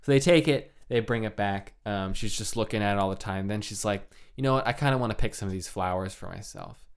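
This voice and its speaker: Man, low-ish voice, loose comic storyteller in casual chat. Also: quick pace, clean tone. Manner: loose, joking retelling full of "like" and laughs. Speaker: storyteller retelling a folk tale.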